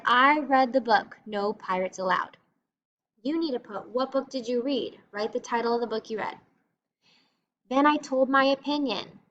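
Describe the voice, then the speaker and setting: A woman's voice: fairly high pitch, fairly bright tone. A woman teacher giving a recorded lesson, patiently explaining step by step in an encouraging way. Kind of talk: recorded classroom reading lesson. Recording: slightly dull lo-fi recording with faint noise.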